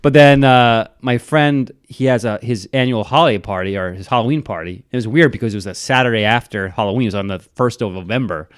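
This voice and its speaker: A man in casual podcast chat, rambling through stories with constant "like" and animated impressions. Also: medium pitch, quick pace, hardly any pauses, smooth. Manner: rambling storyteller, heavy use of "like", animated impressions. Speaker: podcast guest.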